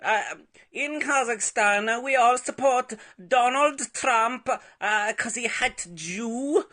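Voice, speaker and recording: A man's voice: extremely high pitch, takes it slowly, bright, forceful tone, voice pushed up, exaggerated voice. A man doing a comedic impression of a bumbling, crude male foreign journalist who speaks broken English and giggles. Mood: giggly.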